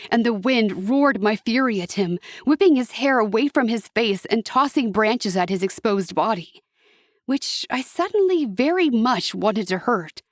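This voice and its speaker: A woman reading a fantasy audiobook in a steady, expressive narration. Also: mid-range voice, dry recording, studio quality.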